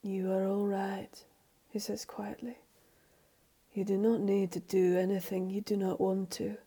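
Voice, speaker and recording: A woman voicing a calm, firm male servant who speaks in a steady, reassuring way. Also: medium pitch, normal speed, husky.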